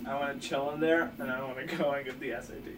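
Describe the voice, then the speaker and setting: A man's voice: mid-range voice, steady tone, fast talker. A teenage guy teasing and talking freely in a casual podcast chat. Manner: teasing, talkative. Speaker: podcast co-host. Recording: echoey room, far from mic, noisy.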